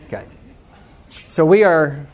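A man's voice: fairly high pitch, slow pace. A man preaching a sermon in a conversational, humorous way, with asides and restarts. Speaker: pastor.

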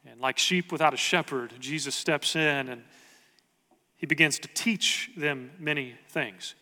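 A man's voice: fairly high pitch, a little slow, sharp tone, in a large hall. A man preaching a sermon as pastor, earnest and conversational, asking the congregation rhetorical questions.

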